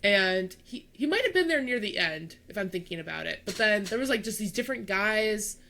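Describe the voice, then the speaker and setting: Young woman podcast co-host, bright tone, animated storyteller. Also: mid-range voice, fairly quick, slight background noise. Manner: animated storyteller, acts out voices, laughs. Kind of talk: casual storytelling chat.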